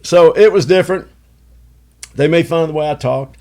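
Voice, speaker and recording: Podcast guest, sixties, from Chicago; gravelly, slightly high-pitched man spinning loose anecdotes. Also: normal speed, mellow. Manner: rambling anecdotal storyteller, many fillers like "you know". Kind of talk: casual storytelling chat.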